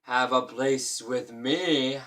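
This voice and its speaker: Man playing a storybook giant, huge, boastful, dim-witted, loud and booming, bright forceful tone. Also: drawn-out words.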